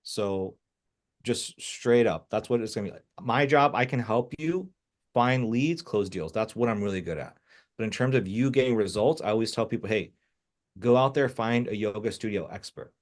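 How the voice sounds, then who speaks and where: A man with a fairly low voice coaches a client over a video call. He talks directly and emphatically, and he comes back to his key points to make sure they land. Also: lively intonation, moderate pace. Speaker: business coach.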